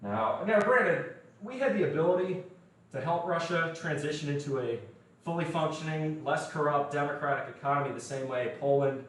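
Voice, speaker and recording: A man's voice: on the high side, moderate pace, far from the mic. Blunt American man in an echoey room. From United States. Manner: blunt, opinionated, swears freely. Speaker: fitness livestream host. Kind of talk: casual livestream chat.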